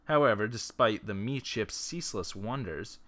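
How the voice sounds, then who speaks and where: Bright-voiced man reading a text game. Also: fairly low pitch, lively intonation, moderate pace. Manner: breaks off into joking, laughing side comments. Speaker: player reading an interactive story game. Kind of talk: reading a text game aloud with joking asides. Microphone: laptop's built-in mic.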